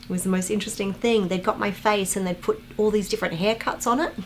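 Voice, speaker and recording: A woman hosting a fan watch-along, chatting casually, reading viewer comments aloud and telling animated anecdotes. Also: mid-range voice, a little fast. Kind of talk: casual livestream chat and storytelling.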